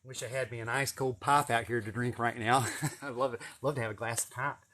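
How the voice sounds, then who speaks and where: A man's voice: mid-range voice, steady tone, fairly quick, fairly bright tone. A man talking casually while working in a garden outdoors, swearing a lot, repeating words for emphasis and laughing at his own jokes. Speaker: vlogger and contractor.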